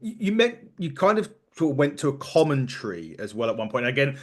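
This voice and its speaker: A man's voice: mid-range voice, sing-song, brisk. Man, mid-range voice, casual podcast host, conversational. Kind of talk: interview questions.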